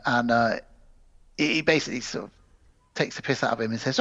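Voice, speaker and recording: A man co-hosting a casual podcast, retelling a film plot with quick acted voices and casual swearing. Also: medium pitch, fairly bright tone. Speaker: podcast co-host. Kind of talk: casual film review chat. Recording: slightly dull, lo-fi podcast audio.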